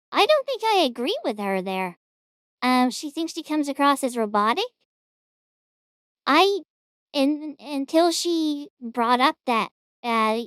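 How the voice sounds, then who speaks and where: Chatty woman reacting, smooth dry voice. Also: sits high, dry recording. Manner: chatty, rambling, amused. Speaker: reaction streamer host. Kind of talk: casual reaction commentary.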